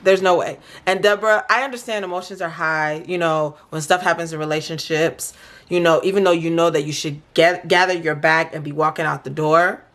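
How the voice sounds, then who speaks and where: Female reaction host with a lower register, exasperated and outspoken. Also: steady tone, brisk, fairly bright tone. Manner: blunt, opinionated, exasperated. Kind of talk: casual commentary on a reality show.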